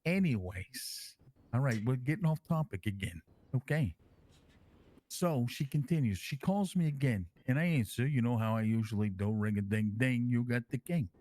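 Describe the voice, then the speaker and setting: Speaking at an ordinary pace in a natural mid-range voice with no echo, this man voices a crude, brash mob boss who crowns himself king during an online role-play. His tone is boastful as he rambles through tales, cursing nonstop with animated energy.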